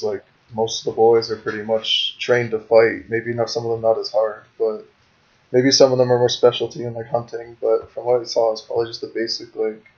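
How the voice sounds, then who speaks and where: A man's voice: mid-range voice, darkish tone. A man co-hosting a casual podcast, speaking hesitantly with many fillers. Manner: hesitant, lots of likes. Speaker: podcast co-host. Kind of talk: casual chat. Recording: dull lo-fi mic.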